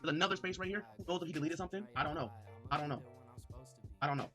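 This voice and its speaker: A man livestreaming, excitedly reading messages aloud and talking straight to his chat. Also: a little high, racing, music in the background. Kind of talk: livestream commentary.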